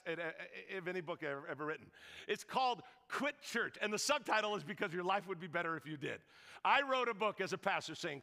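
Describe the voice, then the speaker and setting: A man's voice: high voice, creaky, pushed and bright, long reverb tail. A man pastor preaching a sermon, telling stories animatedly and acting out other people's voices with jokes.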